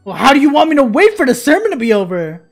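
Woman doing lets play commentary, swears a lot, yells at the game, music in the back. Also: high voice, sing-song, fast talker. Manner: exclaiming and swearing in jest. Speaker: gaming YouTuber.

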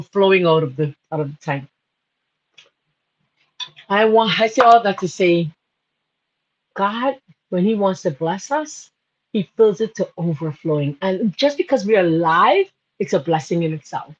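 With a mid-range, gently mellow voice, a Bahamian woman runs a live cooking show, keeping it casual and laughing often. Emotion wells up as she becomes tearful and adds spiritual remarks. The recording sounds a little dull, with a faint hiss.

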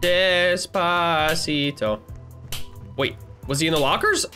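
A man hosting a gaming channel, giving excitable, playful gameplay commentary with lots of giggling and teasing. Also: high-pitched, a little fast, faint music behind.

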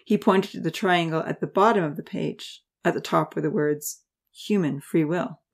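A woman narrating an audiobook in steady storytelling style. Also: sits low, moderate pace, creaky, husky.

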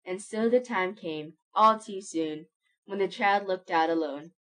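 A woman reading a classic short story aloud in a gentle, measured storytelling voice. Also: mid-range voice, low-quality recording. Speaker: audiobook narrator. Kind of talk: scripted narration.

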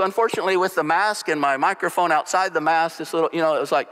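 A man preaching a sermon as pastor, telling stories with animated delivery. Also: fairly high pitch, fast. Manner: storytelling, animated. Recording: long hall reverb.

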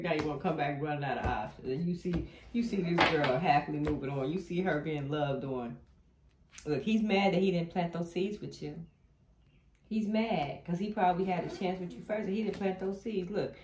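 Woman tarot reader, blunt and animated, swears freely, roomy echo, faint hiss. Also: lowish voice. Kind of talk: tarot reading vlog. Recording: echoey room with faint noise.

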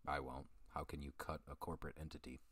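A man's voice: a bass voice, flat delivery, fast, fairly bright tone, husky, no room sound, studio quality. A man hosting a film podcast, chatting casually in a rambling, profane way and often correcting himself. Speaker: podcast host. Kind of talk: casual film review chat.

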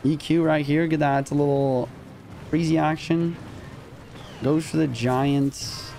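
A young man commentating his own live gameplay in casual slang, excitable and quick to yelp when rattled. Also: a little high, gravelly, slight background noise. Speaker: gaming streamer. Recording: music underneath.

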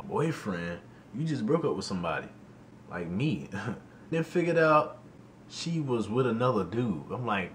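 Animated young man telling a story. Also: mid-range voice, unhurried, a little hiss or hum. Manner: animated, slangy, exclaiming in disbelief. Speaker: YouTuber. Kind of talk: storytime vlog.

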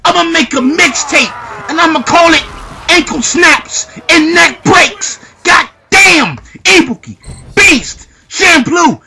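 A man giving loud, hyped commentary over his own fighting game matches, trash-talking and shouting with lots of profanity. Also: very high-pitched, lively intonation, slow pace, vocal fry. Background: fighting game music.

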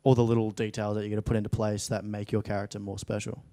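A man's voice: fairly low pitch, flat delivery, fast talker, mellow, dry recording. A young Australian man in his late teens, an actor chatting casually in a studio interview, rambling with frequent restarts and fillers. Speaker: actor guest.

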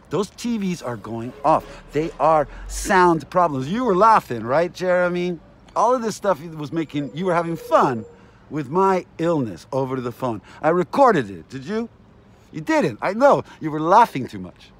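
Agitated man ranting, lively pitch. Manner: agitated, aggrieved, repeats himself. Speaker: vlogger. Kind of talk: ranting monologue to camera.

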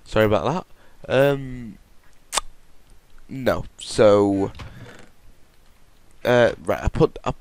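Male gamer, low and unhurried, muttering and self-correcting, dry close mic. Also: lively intonation, darkish tone, no echo. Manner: rambling, self-correcting, talks to himself while building. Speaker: Minecraft let's play host. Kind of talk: casual gameplay commentary.

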